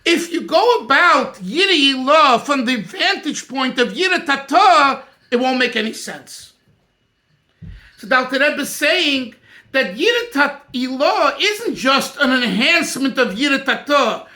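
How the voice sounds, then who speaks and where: A man's voice: very high-pitched, sing-song, unhurried, sharp tone. A man teaching a Torah class as rabbi, emphatic and thinking aloud, often restarting his sentences. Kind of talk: animated Torah class discussion.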